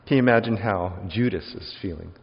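A man preaching a sermon, lively and wry, acting out quoted questions in different voices and adding joking asides. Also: deep voice, brisk. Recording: dull lo-fi sound with long hall reverb.

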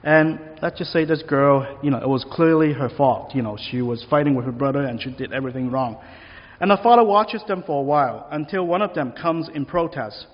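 Pastor, male, slightly high voice, conversational sermon, long hall reverb. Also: expressive, fairly quick. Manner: conversational preaching with rhetorical questions. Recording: long reverb, dull lo-fi sound.

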